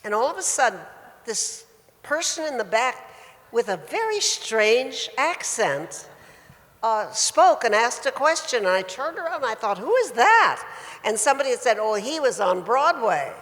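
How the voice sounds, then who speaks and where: A woman's voice: fairly high pitch, big pitch swings, normal speed, a bit bright. An older actress telling a story on a convention panel and acting out her own past thoughts. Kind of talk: panel anecdote. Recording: long reverb of a big hall.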